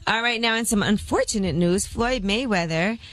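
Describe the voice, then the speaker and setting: A woman hosts a morning radio segment, chatty and curious as she reads out gossip and headlines. Her voice sits at an everyday middle pitch. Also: normal speed, a bit bright, dry recording. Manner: curious, questioning, conversational. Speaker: radio co-host, rumor reporter. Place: radio studio. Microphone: studio mic.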